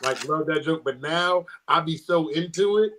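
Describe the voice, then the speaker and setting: A man's voice: fairly high pitch, normal speed, a bit bright, slight background noise. A man from New Jersey, a comedian guest chatting loosely with slang and fillers. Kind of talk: casual chat.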